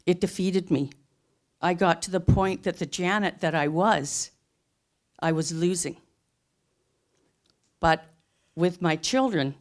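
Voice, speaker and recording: A middle-aged woman telling a personal story live on a theatre stage, earnest and emphatic. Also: fairly low pitch. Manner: earnest, emphatic, plain-spoken.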